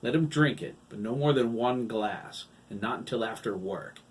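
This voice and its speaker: A man voicing a moody old farmer in an audiobook, calm and then suddenly sharp. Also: fairly low pitch, normal speed, natural voice, poor audio.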